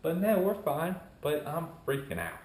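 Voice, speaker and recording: A man's voice: a little high, normal speed. Chatty young man, echoey sound. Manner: animated, rambling, acts out quoted friends. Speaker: vlogger starting a channel. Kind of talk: casual storytelling to camera. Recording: echoey room.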